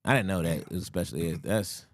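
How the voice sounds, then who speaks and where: A man's voice: low-pitched, a little fast, no room sound, clean studio sound. A man co-hosting a casual talk radio show, speaking in an emphatic, slangy way. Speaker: co-host.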